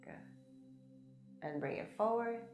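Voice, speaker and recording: A woman teaching a chair yoga class, gently guiding breaths and movements with encouragement and light laughs. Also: medium pitch, lively intonation, measured pace, vocal fry. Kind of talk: guided yoga class instruction. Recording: echoey room with soft music. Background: soft background music.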